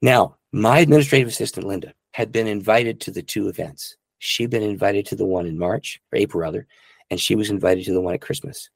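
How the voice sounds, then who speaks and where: Gravelly, earnest male pastor. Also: on the low side, a little fast, no room sound. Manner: earnest, emotional storyteller. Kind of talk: testimony storytelling.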